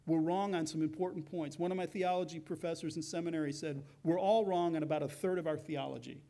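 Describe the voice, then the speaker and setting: A man's voice: fairly high pitch, fairly even intonation, quick pace, warm tone. A man preaching a sermon as pastor, in a conversational way, acting out the voices of the people in his story.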